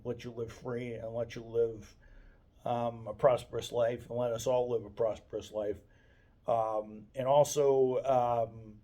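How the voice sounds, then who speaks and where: A man's voice: mid-range voice, mellow. A man giving a casual, unscripted daily video monologue, meandering and hesitant, often stopping to restart his sentences.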